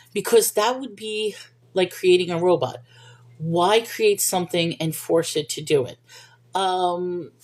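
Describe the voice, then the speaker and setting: A woman with a lowish voice hosts a livestream, answering viewer questions in a casual, rambling Bible discussion and apologizing when she wanders off topic.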